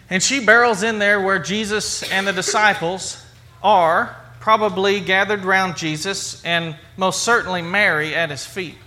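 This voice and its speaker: A man's voice: high voice, sharp tone. A man preaching a sermon in a conversational way, with repetition and rhetorical questions. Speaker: pastor.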